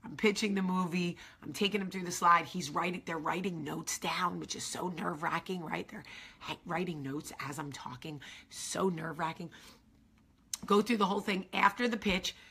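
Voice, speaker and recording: Gravelly, bright-voiced woman host telling a story. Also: lowish voice, normal speed. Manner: animated, chatty, swears freely, addresses viewers directly. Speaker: vlog host. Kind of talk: casual storytelling to camera.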